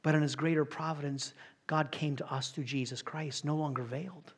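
A man's voice: on the high side, steady tone, normal speed, husky. A man preaching a sermon as pastor, in a dramatic, emphatic style.

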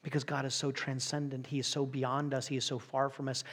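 A man's voice: medium pitch, flat delivery, fairly quick, few pauses, a bit bright. A man preaching a sermon as pastor, in a dramatic, emphatic style.

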